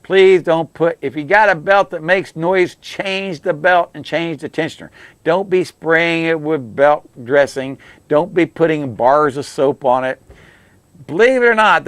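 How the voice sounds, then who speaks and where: A man's voice: fairly high pitch, fairly bright tone, no echo. A middle-aged man hosting a call-in car advice show, giving folksy, repetitive, plain-spoken repair tips. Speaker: radio show host, auto technician.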